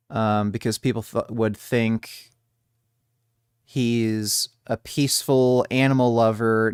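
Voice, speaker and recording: A man's voice: medium pitch, clear, resonant tone, dry recording, clean studio sound. A man streaming, reacting to an interview and ranting bluntly and profanely at his viewers. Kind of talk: casual stream commentary.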